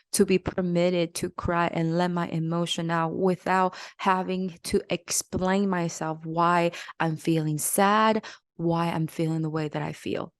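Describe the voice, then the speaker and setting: A woman hosting her own podcast, talking in an earnest, gentle and confessional way. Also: lowish voice, no room sound, studio quality. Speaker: podcast host. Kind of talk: reflective podcast monologue.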